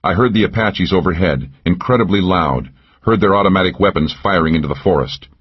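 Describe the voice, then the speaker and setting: A man's voice: deep voice, brisk, slightly rough, highs cut off. A man narrating a first-person thriller audiobook, tense and driving in action scenes.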